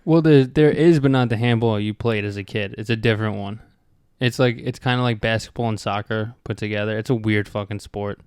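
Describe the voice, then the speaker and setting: A man's voice: fairly low pitch, fairly quick, a little mellow, clean tone, no echo, clean studio sound. A man co-hosting a podcast, chatting casually in a laid-back, joking way and swearing often. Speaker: podcast co-host. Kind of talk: casual chat.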